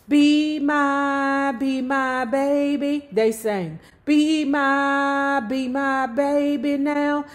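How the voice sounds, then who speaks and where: A woman reading a memoir aloud and breaking off into sassy, animated commentary full of cursing asides. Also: mid-range voice. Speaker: YouTube storyteller.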